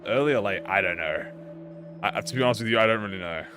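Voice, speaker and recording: A man's voice: lowish voice, fast, fairly bright tone, faint music behind. A man streaming a game, chatting casually with rambling, profane talk and stammered restarts. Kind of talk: casual live-stream chat.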